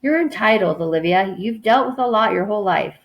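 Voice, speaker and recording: A woman reading as a gentle teenage boy. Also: mid-range voice, expressive, fairly quick, vocal fry, poor audio. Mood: soothing. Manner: plain, soothing, a little indignant. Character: earnest teenage boy, caring friend. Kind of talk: children's book read-aloud.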